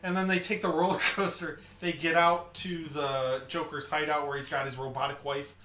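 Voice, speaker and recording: A man in casual podcast chat, animated, acting out film lines in a jokey voice. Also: on the high side, normal speed, reverberant.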